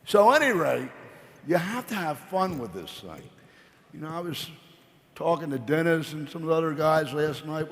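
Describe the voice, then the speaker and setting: A man's voice: fairly high pitch, very animated, unhurried, creaky. A man giving a rambling, playful motivational talk at a convention, telling a folksy story from the stage on a microphone. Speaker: convention keynote speaker. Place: large convention hall stage. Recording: echoey convention hall.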